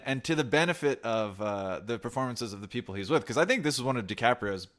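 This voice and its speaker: A man from New Jersey hosting a podcast, telling rambling, animated stories with frequent restarts. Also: mid-range voice, quick pace. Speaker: podcast host. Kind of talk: casual chat.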